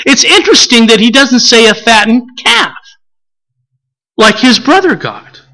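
This preacher's sermon swoops and bounces with a bright, forceful tone, often acting out scripture quotes and turning to question the listeners. The voice is mid-range, the pace measured with frequent pauses, and the audio quality is poor.

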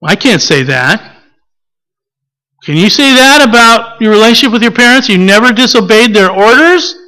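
A preacher delivering a sermon with a lively, swooping delivery and a bright, forceful tone. The preacher often acts out scripture quotes and turns to ask the listeners questions. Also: medium pitch, moderate pace, rough recording.

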